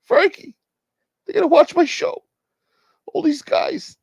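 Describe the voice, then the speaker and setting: A man voicing a boastful old male sheriff in a squeaky falsetto, bragging about himself. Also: lively intonation, takes it slowly, creaky, dry recording, exaggerated voice. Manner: self-important bragging. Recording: dull lo-fi stream audio.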